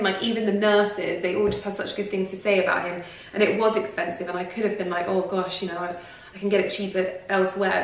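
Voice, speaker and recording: A woman speaks to her viewers in loose, confiding vlog chat that keeps circling back on itself. Her voice sits a little low. It comes from some way off the mic and booms around a very echoey room. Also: vocal fry, fairly bright tone, recorded from a distance. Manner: rambling and confiding, lots of "like" and restarts. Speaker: lifestyle vlogger. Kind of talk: casual personal talk to camera.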